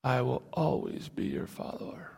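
A preacher putting on a swaggering boastful disciple. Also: male voice, medium pitch, wildly swooping pitch, moderate pace, gravelly, darkish tone, slightly rough, long reverb tail, exaggerated voice. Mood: hushed. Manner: swaggering, indignant. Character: boastful male disciple swearing loyalty.

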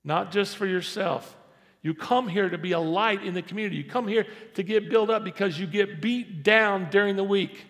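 A man's voice: high-pitched, normal speed, fairly bright tone, in a large hall. A man preaching a sermon as pastor in a church sanctuary, conversational and repetitive, rising to emphatic stress.

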